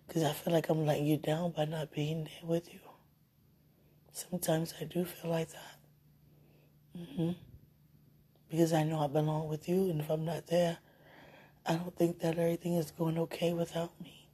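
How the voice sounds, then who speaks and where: Low, husky woman murmuring sweet nothings. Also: level tone, normal speed, long pauses, warm tone. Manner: tender, sweet-talking, teasing. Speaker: partner leaving a voice message. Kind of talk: intimate phone message. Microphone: phone held close to the mouth.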